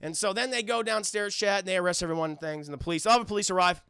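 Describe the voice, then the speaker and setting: A man streaming a casual, profane, animated film recap, constantly calling out to his chat. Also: high-pitched, racing, creaky, smooth, dry recording.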